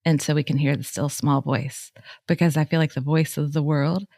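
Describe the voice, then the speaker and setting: A woman's voice: low voice, fairly even intonation, normal speed, gravelly, dark tone, no room sound, studio quality. A woman co-hosting a faith podcast, talking casually and animatedly with lots of "like" and laughter. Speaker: podcast co-host.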